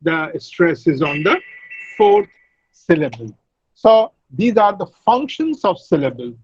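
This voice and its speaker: Casting: male teacher lecturing over a video call, high voice, dry muffled audio, patient repetition. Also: huge pitch swings, slightly rough, dry recording. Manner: explains slowly, repeats example words. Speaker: English teacher. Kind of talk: online class lecture.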